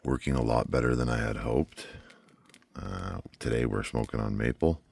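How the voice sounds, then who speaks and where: Man, very low voice, easygoing barbecue vlog host, chatty, talks while he cooks. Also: lively intonation, normal speed, creaky, a little mellow, slightly rough. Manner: laid-back, chatty, thinks aloud while working. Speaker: barbecue cook and show host. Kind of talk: casual cooking vlog.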